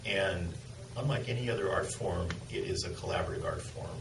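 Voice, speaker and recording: Low gravelly guy telling old stories at some event, echoey and kinda far from the mic. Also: fairly quick. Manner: reflective, anecdotal storyteller. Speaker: film producer. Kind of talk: conversational interview answers. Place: public press event. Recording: echoey, distant, noisy event hall.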